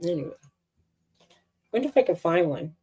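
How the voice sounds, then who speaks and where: A woman's voice: fairly low pitch, expressive, moderate pace, warm tone, slightly rough. A middle-aged woman chatting casually with friends on a crafting livestream. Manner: coos and talks baby-talk to her dog. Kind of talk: casual chat.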